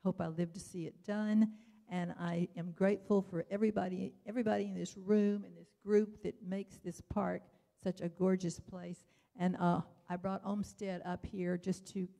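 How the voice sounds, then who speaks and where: A woman's voice: on the low side, gravelly, dark tone. An older woman giving rambling, chatty public testimony at a hearing, full of wry asides.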